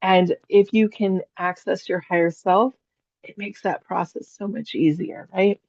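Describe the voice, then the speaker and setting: A chatty woman who works as a psychic teaches a spiritual class, telling stories and laughing often. Her voice sits at a middle pitch. The recording is dry and a little dull, with no room sound. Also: fairly even intonation, measured pace, a little mellow, no echo.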